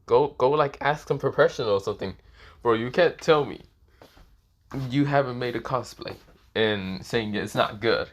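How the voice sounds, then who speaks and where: A man's voice: medium pitch, normal speed, dull audio, lightly acted. Guy doing a cussing young student, blunt and annoyed, talks in a pretty average voice. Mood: exasperated. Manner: swears constantly, blunt and annoyed. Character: brash foul-mouthed young male student Issei.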